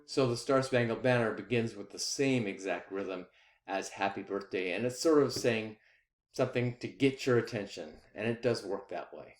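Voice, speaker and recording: A man giving a recorded music lesson, explaining rhythm patiently and counting beats out loud. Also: fairly low pitch, moderate pace, echoey room. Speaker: music teacher.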